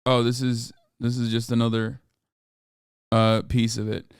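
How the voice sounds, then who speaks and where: A man streaming live, reacting to news articles with profane, animated rants full of fillers. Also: mid-range voice, unhurried, smooth, no room sound, studio quality.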